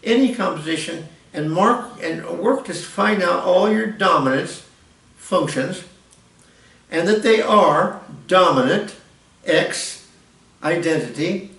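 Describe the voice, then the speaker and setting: A man's voice: sits high, lively intonation, slow pace, vocal fry, fairly bright tone. An older man giving a rambling, informal music lesson and correcting himself as he explains. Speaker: music teacher. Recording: echoey room, mic at a distance.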